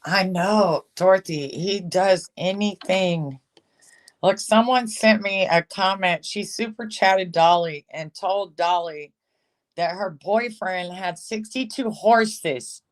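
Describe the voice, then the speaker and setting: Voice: medium pitch, slow. A livestream host chatting casually and sarcastically about online personalities, greeting commenters and often laughing. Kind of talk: casual gossip commentary, reading chat.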